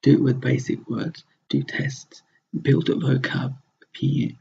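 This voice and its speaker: A man's voice: mid-range voice, big pitch swings, a little slow, creaky, darkish tone, a little hiss or hum. A man teaching a recorded slide lesson, explaining step by step and repeating words to model their pronunciation. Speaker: language teacher. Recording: dull lo-fi sound.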